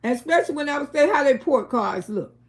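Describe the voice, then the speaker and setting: A woman's voice: high voice, lively intonation, fast. A woman hosting a livestream, chatting casually and scolding bluntly with plenty of profanity. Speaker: livestream host.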